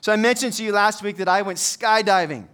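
Man, pastor, sermon, high voice, clear resonant tone, joking storyteller. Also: a little fast, a bit bright. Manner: conversational, humorous storytelling preacher.

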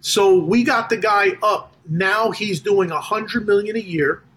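A man with a high voice for a man tells business stories in a casual podcast interview. He rambles, restarts his sentences and acts out what other people said. He talks as a funder recounting his deals. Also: a little slow, slight background noise. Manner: animated storyteller who acts out quoted conversations.

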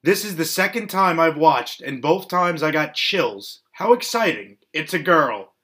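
A man's voice: on the high side, very animated, measured pace, a bit bright. A man ranting bluntly about wrestling in casual chat, swearing often and sounding indignant.

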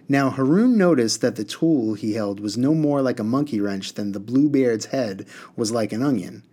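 A man reading a novel aloud in a steady, measured voice and leading a discussion about it. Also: medium pitch. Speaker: reader and discussion leader.

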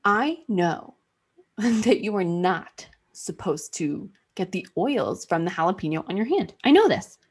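Husky woman telling a story, animated. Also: mid-range voice, a little slow. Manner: animated, swears freely, acts out her own past remarks. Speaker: podcast host. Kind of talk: casual storytelling chat.

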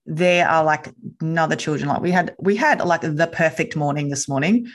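Chatty, animated woman podcast host. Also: deep voice, moderate pace. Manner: chatty and animated, jumping into playful voices. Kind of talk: casual interview chat.

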